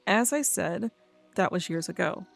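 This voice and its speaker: A woman's voice: lowish voice, lively intonation, unhurried, vocal fry, faint music behind. A woman casually commenting on a game, reading quest text aloud, laughing and stumbling over fantasy names. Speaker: let's play host.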